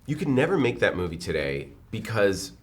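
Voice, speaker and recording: A man in his forties, a film director, telling stories in a press interview and acting out the quotes. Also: fairly low pitch. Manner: animated, quick storytelling with acted-out quotes.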